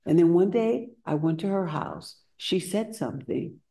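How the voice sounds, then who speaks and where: A woman meditation teacher giving a dharma talk at a retreat center, telling stories in an unhurried way and acting out the voices she quotes. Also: lowish voice, expressive, creaky, warm tone.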